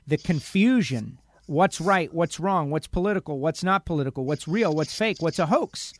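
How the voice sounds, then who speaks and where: A man's voice: on the high side, animated, moderate pace. A man on a talk radio show giving an impassioned, rambling opinion while emotionally upset. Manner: emphatic, rambling, acts out other people's lines. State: emotional, upset by bad news.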